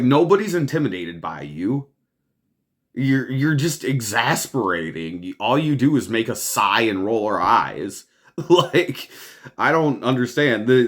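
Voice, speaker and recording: A man's voice: mid-range voice, a bit bright. A man hosting a podcast, ranting over the news in a profane, exasperated way and laughing often. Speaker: podcast host.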